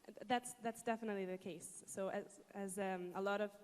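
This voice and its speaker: A woman from Egypt speaks as a panelist at a live event. Her voice sits mid-pitch and she is earnest, pausing to think, while a long reverb fills the hall. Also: steady tone, a little mellow, smooth. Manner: earnest, thoughtful, with hesitations. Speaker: panelist, entrepreneur. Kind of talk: panel answer.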